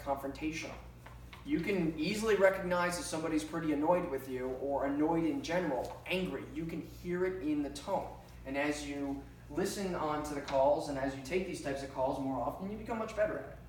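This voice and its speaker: Guy giving a lecture, kinda high voice, chatty with lots of ums, picked up from far off in a big echoey room. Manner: conversational, uses many fillers and personal anecdotes. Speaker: trainer for 9-1-1 dispatchers. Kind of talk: classroom lecture. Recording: very echoey room, distant mic, faint hiss.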